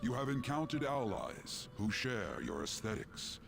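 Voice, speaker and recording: An actor playing an old, long-nosed male keeper of a mystic room, speaking slowly and formally in a deep, gravelly voice. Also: animated, fairly bright tone. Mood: solemn. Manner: slow, formal and ominous. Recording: game audio with music behind.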